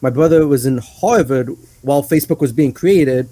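A man's voice: medium pitch, moderate pace, mellow, dry recording, poor audio. A man chatting casually as a podcast guest, rambling with lots of fillers and laughs. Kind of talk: casual chat.

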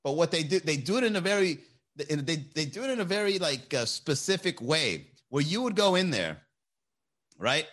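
A man's voice: on the high side, big pitch swings, normal speed, fairly bright tone. A man hosting a casual live stream, rambling, joking and swearing, and laughing often between lines.

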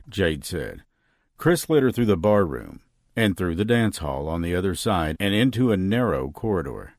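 A man's voice: big pitch swings, normal speed, dry recording, studio quality. A man hosting a true-crime podcast, narrating in a dramatic storytelling style. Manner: dramatic storytelling with wide swings in pitch. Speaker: podcast host and audiobook narrator.

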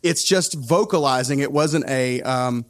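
A man hosting a casual music podcast. He talks in an opinionated, animated way and often breaks off his own sentences. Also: medium pitch, measured pace, dry recording, clean studio sound. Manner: opinionated, animated, self-interrupting. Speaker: podcast host.

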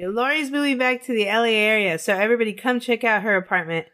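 A woman's voice: fairly high pitch, fast talker, crowd noise. A woman co-hosting a podcast, telling a true-crime story in a casual way, with swearing and laughter. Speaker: podcast co-host.

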